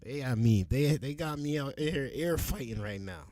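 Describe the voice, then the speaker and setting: A man giving casual, animated reaction commentary on news clips as a vlogger, exclaiming and repeating lines as he goes. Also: medium pitch, normal speed, dry recording.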